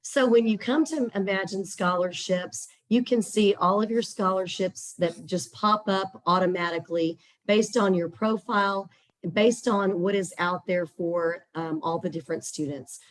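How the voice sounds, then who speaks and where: A hoarse woman with a Texas accent, presenting as a guest in a webinar over a video call, chatty and upbeat with frequent fillers. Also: medium pitch, measured pace. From Central Texas. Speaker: guest presenter for a scholarship platform. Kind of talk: webinar presentation with screen share.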